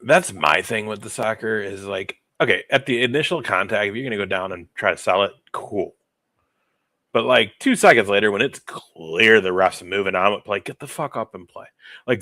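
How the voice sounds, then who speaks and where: Co-host, man, low sharp voice, blunt and profane, casual chat. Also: fairly quick, no echo. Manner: profane, blunt, says dude a lot. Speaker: podcast co-host.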